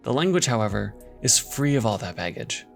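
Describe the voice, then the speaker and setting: A man giving a measured, analytical scripted narration for a video essay. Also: fairly low pitch, big pitch swings, gravelly, soft background music.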